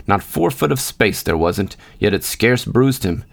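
A man's voice: on the low side, lively intonation, measured pace, vocal fry, full character voice. A man doing a fussy old mine manager. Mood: fretful. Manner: snappish, fretful muttering.

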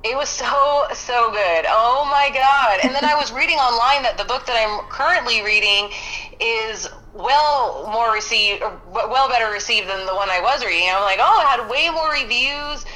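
A woman chatting as a guest, excitable and quick to laugh, swearing freely. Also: a little high, slight background noise, rough recording. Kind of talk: casual chat.

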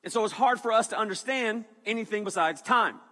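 A man preaching a sermon as pastor, energetic, with playful joking asides. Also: sits high, brisk, long reverb tail.

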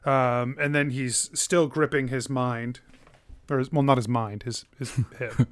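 A man's voice: medium pitch, measured pace, no echo. A man narrating as game master of a tabletop game, describing the action loosely with many fillers. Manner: relaxed, filler-heavy narration.

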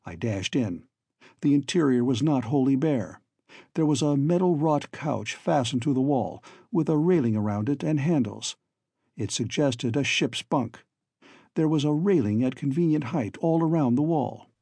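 A man narrating a story in the first person as an audiobook reader, in a measured, steady storytelling manner. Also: medium pitch, slightly rough, no echo.

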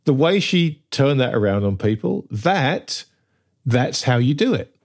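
A man co-hosting a talk show at a middling pitch. He argues emphatically, builds his points step by step, and keeps checking in with his partner. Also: big pitch swings, a little slow. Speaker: podcast co-host. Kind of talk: casual chat.

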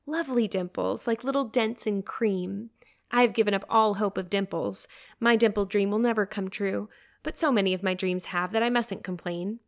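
A woman's voice: medium pitch, normal speed, natural voice. A woman reading aloud, voicing an eager, dreamy teenage girl who talks effusively. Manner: romantic, effusive.

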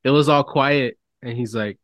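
Profane, animated sports podcast man. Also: mid-range voice, moderate pace, dry recording. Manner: profane, animated, mocks announcers. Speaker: podcast co-host. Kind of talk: casual sports chat.

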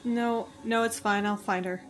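A woman's voice: medium pitch, steady tone, measured pace. A woman player speaking in character at a tabletop game, emotional and close to tears. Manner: emotional, voice breaking near tears. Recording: music loud under the voice.

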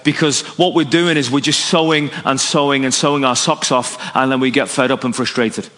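A man from Northern Ireland preaching a sermon, swinging between bold, raised lines and low, quiet emphasis. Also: fairly even intonation, fairly quick. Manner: dynamic preaching, drops low and soft for emphasis, rises for acted quotes. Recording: echoey hall recording.

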